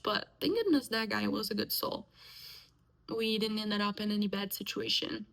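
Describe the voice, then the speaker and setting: Young Brazilian woman, Portuguese native, slightly high gravelly voice, reflective personal storytelling with halting restarts. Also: fairly even intonation, a bit bright, low-quality recording. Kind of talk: personal life story told casually.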